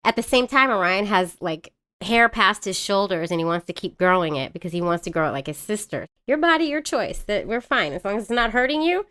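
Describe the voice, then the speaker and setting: A woman's voice: brisk, hardly any pauses, smooth. A woman in her thirties co-hosting a podcast, chatting casually and acting out quotes in a raised voice. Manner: animated storyteller, acts out quotes in a high voice. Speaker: podcast co-host. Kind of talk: casual chat.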